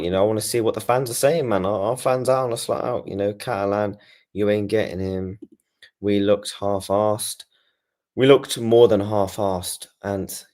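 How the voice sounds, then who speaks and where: A deep-voiced man rants through a post-match reaction on his fan channel. He rambles, restarts and swears as his frustration spills out. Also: darkish tone. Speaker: football fan channel host.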